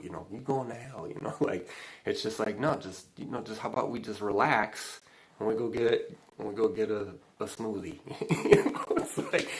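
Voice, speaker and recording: A man's voice: lowish voice, a little hiss or hum, poor audio. A man hosting a casual spiritual talk, rambling with lots of fillers and frequent laughs. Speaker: spiritual channeling host. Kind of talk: casual livestream chat.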